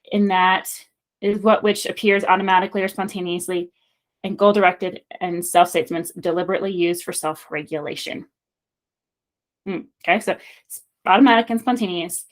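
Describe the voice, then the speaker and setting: A woman giving a recorded lesson on sport psychology, explaining ideas in a friendly, reflective way with small pauses. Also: mid-range voice.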